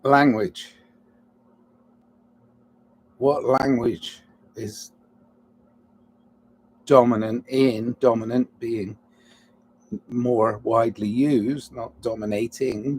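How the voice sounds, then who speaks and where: A solo podcaster gives a rambling, reflective monologue, often restarting mid-thought and swinging from musing to heated outbursts, then apologizing with self-mocking asides. His voice is medium-pitched with a darkish tone, over slight background noise.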